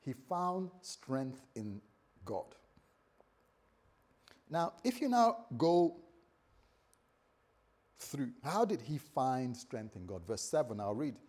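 Husky-voiced man preaching with lively pitch. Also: slow, pauses often. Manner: conversational, acts out quoted voices, repeats words. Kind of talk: sermon.

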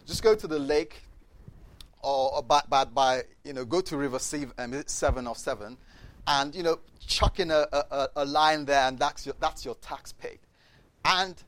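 A man delivers a sermon in a voice that sits a little on the high side. He tells the story with energy, slipping into the voices of the people in it. He keeps turning to the congregation with direct questions. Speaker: preacher.

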